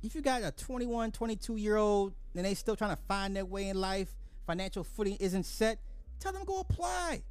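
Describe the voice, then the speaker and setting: A man's voice: high voice, fairly even intonation, moderate pace, hardly any pauses, clean tone, no room sound. A man hosting a podcast, ranting bluntly in casual social commentary, full of profanity and sarcastic apologies. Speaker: podcast host.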